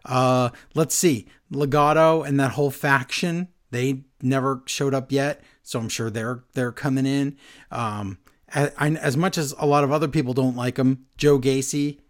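A man's voice: medium pitch, fairly even intonation, normal speed. A man co-hosting a casual wrestling podcast, chatting and reading listener emails aloud. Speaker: podcast co-host. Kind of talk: casual chat.

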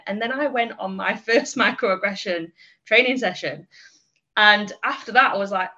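A woman's voice: on the high side, a little fast, sharp tone. A woman speaking as a guest on a podcast, candid and reflective, often breaking into small laughs. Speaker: guest inclusion trainer. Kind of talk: casual podcast conversation. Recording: dull lo-fi podcast audio.

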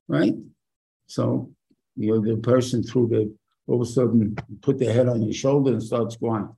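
An older rabbi teaches an informal class, talking casually and asking his listeners questions. His voice is dark, gravelly and husky. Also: medium pitch, moderate pace, low-quality recording. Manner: conversational, asks the listeners rhetorical questions. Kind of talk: informal Torah lecture.

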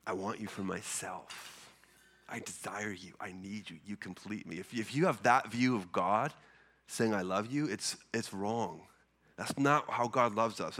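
A man's voice: fairly low pitch, fairly bright tone. A man preaching a sermon in a conversational, earnest way, often repeating and restarting his words. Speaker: pastor.

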